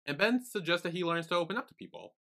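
Bright, lively man recapping plot. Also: high voice, fast. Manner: relaxed plot summarizer, easygoing. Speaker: podcast co-host. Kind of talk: casual recap chat.

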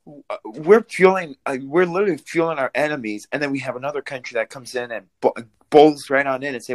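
A man who immigrated to the US, co-hosting a political talk show and ranting in a fired-up, emphatic way with quick restarts. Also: medium pitch, dry recording. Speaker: co-host.

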